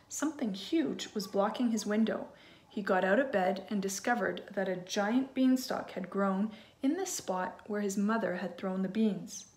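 A woman teacher reading a children's storybook aloud in an expressive way, with asides to her listeners. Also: medium pitch.

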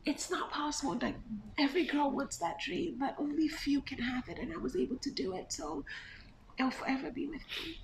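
High, hoarse, emotional young woman. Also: normal speed, background noise. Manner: emotional, heartfelt. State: hoarse, losing her voice. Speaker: reigning pageant queen. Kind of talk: backstage interview.

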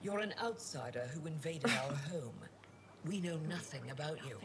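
A man's voice: fairly high pitch, expressive, normal speed, crowd noise. An actor playing a wary male alien guide in a video game, formal and commanding.

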